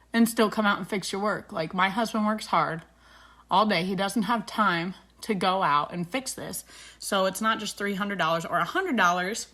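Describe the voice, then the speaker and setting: A woman's voice: medium pitch, a bit bright. A woman in her thirties, a beauty vlogger, chatting casually and retelling a dispute with indignation while doing her makeup.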